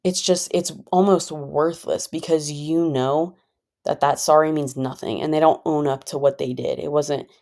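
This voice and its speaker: A woman's voice: sits low, steady tone, moderate pace, mellow. A woman talking through her own experience in a casual, rambling monologue, full of "like" and "you know.". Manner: rambling, filler-heavy, conversational; calls herself a pretty chill person. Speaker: vlogger.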